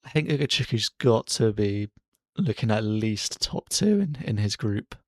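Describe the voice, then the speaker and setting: A man streaming casual live race commentary from his bedroom, chatty and excitable as he cheers drivers on. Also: fairly low pitch, unhurried, no room sound, clean studio sound. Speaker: streamer hosting a racing watchalong. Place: bedroom at home.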